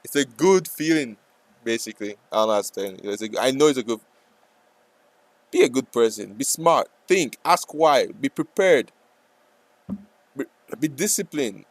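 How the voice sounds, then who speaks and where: A man talking casually over a live trading stream, rambling and joking, sometimes breaking into loud playful yelling. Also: mid-range voice, animated, normal speed, long pauses, no echo, rough recording.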